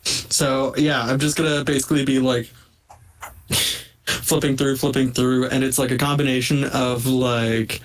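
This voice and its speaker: A man's voice: medium pitch, rough recording. A man playing a tabletop game, casually describing what his character does, with lots of fillers. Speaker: player.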